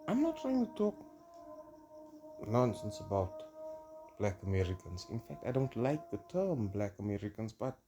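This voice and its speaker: A man's voice: fairly low pitch, sing-song, moderate pace, pauses often, over music. A middle-aged man with a South African accent giving a mock-formal, self-deprecating comic monologue. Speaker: social media comedian.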